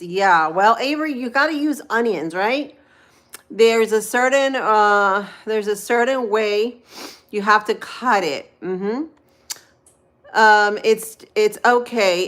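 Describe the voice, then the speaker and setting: Slicing vegetables on a relaxed cooking livestream, a woman chats with her viewers, eyes watering from the onions, and keeps saying "oh Lord." Her mid-range, slightly bright voice takes its time with long pauses. The kitchen sounds echoey, with some faint noise.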